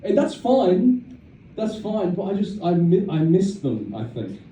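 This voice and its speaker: Brash young Aussie comic, high and lively, live set caught from far back in a noisy, echoey room. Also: male voice, unhurried. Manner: brash, profane, laughs at his own jokes. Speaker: stand-up comedian. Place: comedy venue with a live audience. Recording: distant, echoey audience recording with crowd laughter.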